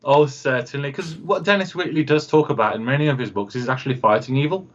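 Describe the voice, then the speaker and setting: A man's voice: medium pitch, fast, lo-fi sound. A man, chatting as a guest on a video call interview, rambling through stories and acting out the people in them, with many fillers. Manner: rambling storyteller, acts out quoted voices, many fillers. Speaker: guest, radio host and producer.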